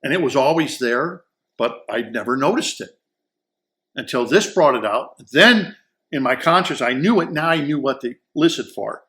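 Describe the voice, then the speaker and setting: A man's voice: medium pitch, lively intonation, normal speed, a bit bright. A man giving a casual, enthusiastic audio gear review, rambling and repeating words as he searches for the right ones. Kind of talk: casual product review talk.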